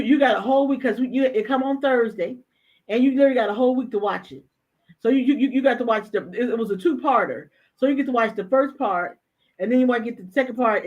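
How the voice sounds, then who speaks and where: Woman host, casual and emphatic, repeats herself for effect; dull lo-fi audio. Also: on the high side. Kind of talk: casual chat.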